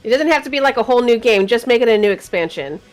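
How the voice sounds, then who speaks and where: A woman's voice: a little high, animated, quick pace, faint music behind. A woman co-hosting a casual gaming talk show, chatty and teasing, laughing often. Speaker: podcast co-host.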